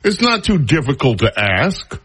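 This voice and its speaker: A man with a husky voice hosts a talk radio show. His pitch rises and falls in a lively way as he chats and ribs his studio crew. He sounds wry and unhurried. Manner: wry, teasing banter with crew. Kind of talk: casual talk radio commentary.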